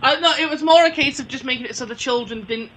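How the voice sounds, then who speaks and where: A woman's voice: high voice, fast talker, fairly bright tone, slight background noise, low-quality recording. A woman with an English accent co-hosting a casual podcast chat, giggly and rambling. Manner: giggly, rambling, breaks into shrieking laughter. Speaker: podcast co-host.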